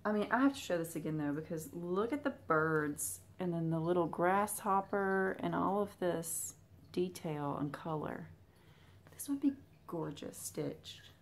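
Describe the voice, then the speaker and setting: A young Southern woman chats casually to her viewers in a fairly low voice. She talks straight to them, easy and friendly. A faint noise hums behind her. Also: measured pace. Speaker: Flosstube vlogger. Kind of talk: casual chat while unboxing.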